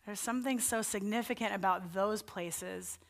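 A woman's voice: medium pitch, moderate pace, vocal fry. A woman pastor preaching a sermon in an earnest, conversational way. Her voice climbs when she voices her own pleas and doubts. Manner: earnest and conversational, voice rising for quoted pleas to God.

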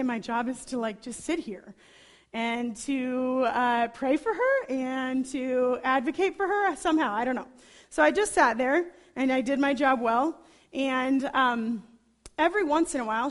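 A woman preaching a sermon, telling a story with chatty enthusiasm and lively asides. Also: high voice.

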